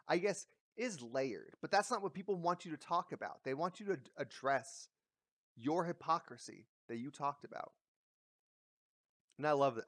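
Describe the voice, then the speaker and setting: A man's voice: on the high side, fairly bright tone, dry recording. A man giving a casual, blunt ranting commentary, mocking and swearing freely as he talks. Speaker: commentary vlogger. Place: lives in a big coastal city.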